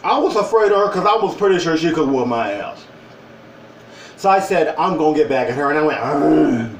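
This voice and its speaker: Man, mid-forties, casual vlog storyteller, lively swooping pitch, recorded distant in an echoey room. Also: slight background noise. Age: 40s. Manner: animated, wry storytelling with quoted voices. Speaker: vlogger. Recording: roomy, distant from the mic.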